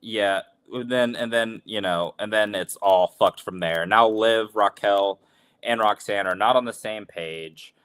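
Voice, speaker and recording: Casting: podcast co-host man, lowish voice, loose rambling delivery. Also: measured pace, a bit bright, clean tone. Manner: loose, rambling, with filler and restarts, swears. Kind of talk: casual wrestling recap chat.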